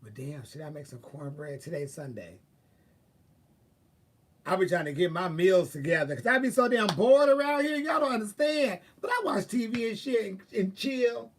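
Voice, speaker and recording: A man in a casual rambling monologue, thinking aloud in a chatty, profane, animated way. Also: high voice, normal speed, recorded from a distance, slight background noise. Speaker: vlogger.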